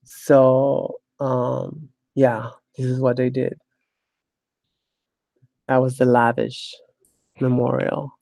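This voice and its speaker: A woman's voice: a bass voice, little pitch movement, drawn-out words, vocal fry, long pauses, warm tone, dry recording. A woman hosting her own talk show, delivering a blunt, sardonic monologue, cursing freely and laughing often. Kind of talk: casual monologue.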